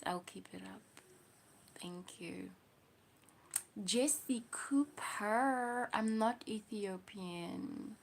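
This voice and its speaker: A young woman with a South African accent, hosting a casual livestream, musing slowly and often sinking to a whisper as she reads comments. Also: a little high, gravelly, darkish tone. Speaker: livestream host.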